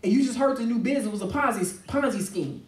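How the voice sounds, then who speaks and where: Fast-talking emphatic male preacher. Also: very high-pitched. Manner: emphatic, acts out quoted voices. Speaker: pastor. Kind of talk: impassioned preaching in discussion. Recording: roomy, distant mic.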